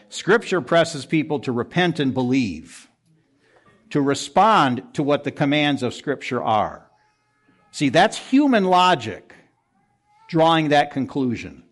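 A man preaching an expository sermon to a congregation in a room, earnest and pressing, jumping up for emphasis and dropping low and quiet at the ends of verses. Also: sing-song, a little slow. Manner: earnest, pressing, rises sharply for emphasis then drops low. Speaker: pastor.

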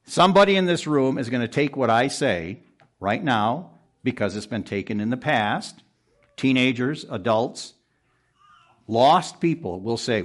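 Preaching expository style to a congregation indoors, the pastor speaks a little slowly with animated intonation. He's earnest and pressing, rising abruptly for emphasis before dropping to a low, quiet tone at verse endings.

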